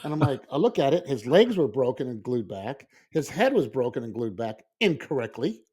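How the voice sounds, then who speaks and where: A man in casual podcast chat, a school librarian telling an animated story and acting out his own reactions. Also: mid-range voice, normal speed, husky.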